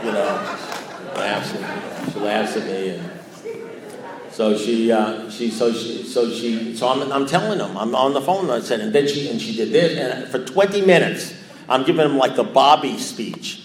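A man's voice: medium pitch, normal speed. A man in his sixties tells a rambling, joking personal recovery story to a group, swearing casually and restarting his sentences. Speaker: speaker at a recovery meeting. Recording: echoey room.

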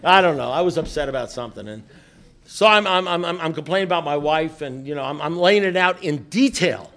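A man's voice: fairly high pitch, animated, fairly quick, fairly bright tone. Blunt, joking middle-aged man telling stories. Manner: joking, blunt and profane, with many restarts. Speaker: speaker at a recovery meeting. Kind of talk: storytelling talk to a meeting.

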